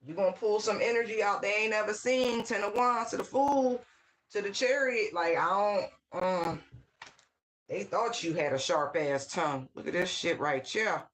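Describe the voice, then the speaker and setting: A tarot reader giving a casual channeled reading, talking straight to the viewer with lively exclamations, repeated words and frequent "right?" checks. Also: medium pitch, normal speed, slight background noise, low-quality recording. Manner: talks straight to the viewer, often asking "right?".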